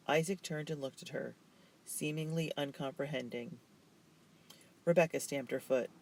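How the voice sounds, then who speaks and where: A man's voice: medium pitch, normal speed, gravelly, poor audio. Man reading a children's novel. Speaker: narrator.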